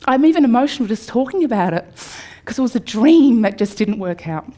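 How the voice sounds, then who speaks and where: An Australian woman in her forties tells a candid personal story to a live audience. Her telling swings from upbeat to hushed. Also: on the high side, animated, brisk. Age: 40s. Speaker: speaker. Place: room before a live audience.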